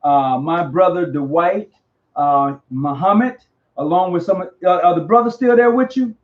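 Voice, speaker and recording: A man hosting a casual live online interview, talking in an animated, slangy way and often repeating himself. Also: high voice, unhurried. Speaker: host. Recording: dull lo-fi audio.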